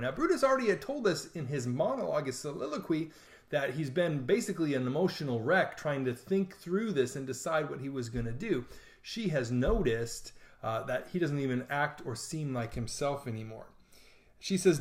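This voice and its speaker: A man's voice: mid-range voice, animated, normal speed. A man teaching a lesson on a play in a casual, jokey way. He reads lines from the play aloud and then retells them in slangy modern words. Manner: chatty and jokey. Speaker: literature teacher.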